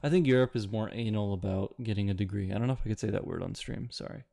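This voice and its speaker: A man's voice: lowish voice, fast talker, vocal fry, warm tone, no echo, studio quality. A young man, chatting casually with his live-stream audience, rambling and swearing now and then. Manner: rambling, swears casually, reads chat aloud. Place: home, city with bootcamps he attended.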